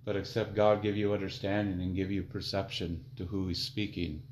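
Man preaching with loud fervent rises. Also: flat delivery, a little hiss or hum, low-quality recording. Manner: preaching with sudden loud emphatic rises and quiet low asides; reads scripture slowly and deliberately. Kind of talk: sermon.

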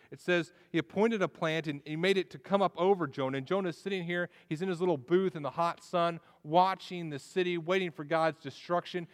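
A man preaching a sermon in an earnest way, often restarting his phrases. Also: fairly high pitch. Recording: long echo of a large hall.

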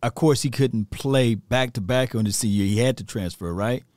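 A man's voice: mid-range voice, normal speed, a little mellow, no echo, studio quality. A man hosting a sports talk show, chatting loosely and rambling with a caller. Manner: rambling, loose, full of fillers and restarts. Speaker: show host.

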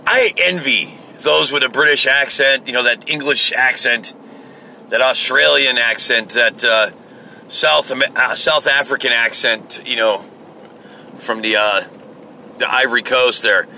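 A man's voice: mid-range voice, measured pace, gravelly, sharp tone, a little hiss or hum. An American man talking in a casual, rambling monologue that is full of fillers and swearing. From United States.

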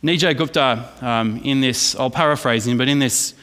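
A man's voice: medium pitch, moderate pace, fairly bright tone, big-room sound. A man with an Australian accent preaching an emphatic sermon as pastor, asking the congregation questions.

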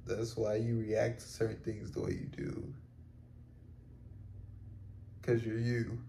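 A man's voice: fairly low pitch, completely flat delivery, normal speed, vocal fry, dark tone, a little hiss or hum. Rambling man in a roomy echo. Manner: rambling, loaded with fillers and casual swearing. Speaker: podcast host. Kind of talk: solo reflective podcast monologue.

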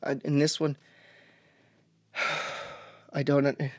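A woman's voice: low-pitched, little pitch movement, very slow, slightly rough, dry recording. A woman hosting a podcast, ranting bluntly with heavy swearing and exasperation. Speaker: podcast host. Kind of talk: ranting monologue.

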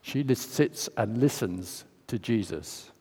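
A man's voice: lowish voice, animated, slow, dark tone, husky. A man giving a conversational sermon, asking questions and acting out the story. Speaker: preacher. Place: church. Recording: long church reverb.

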